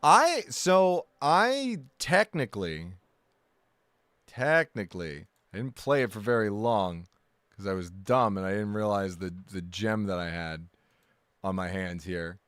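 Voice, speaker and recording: A man with a deep, smooth voice chats casually at normal speed on a live game stream, in clean studio-quality audio with no echo. He rambles and corrects himself, restarting often, while joking, exaggerating, and poking fun at himself.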